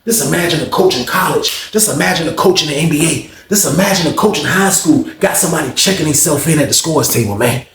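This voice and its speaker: Young man, slangy animated storyteller, higher voice, echoey room. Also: fast talker, creaky, hardly any pauses. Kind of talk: casual storytelling. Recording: roomy echo.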